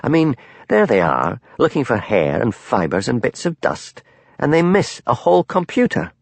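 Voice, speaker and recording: A man voicing a shrewd, calm village policeman who asks quiet, probing questions. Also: medium pitch, moderate pace, vocal fry, no echo, exaggerated voice.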